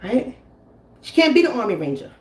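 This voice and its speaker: A woman's voice: on the high side, big pitch swings, moderate pace. A woman in her forties, a host talking at home in a casual stream, emphatic and preachy, repeating her phrases. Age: 40s. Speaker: commentary host. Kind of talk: casual live-stream talk. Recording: roomy, from a distance.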